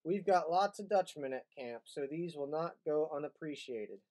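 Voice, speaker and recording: A male host in easygoing comedic banter, with a voice pitched a touch higher than most men. He reads a listener's letter aloud and cracks dry jokes along the way. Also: expressive, normal speed, darkish tone, low-quality recording.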